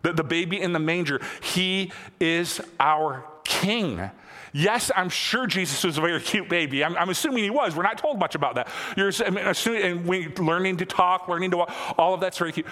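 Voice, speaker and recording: Man preaching in an echoing hall. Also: high-pitched. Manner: conversational, repeats himself for emphasis, rising to excited peaks. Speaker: pastor. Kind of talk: sermon. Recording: long hall reverb.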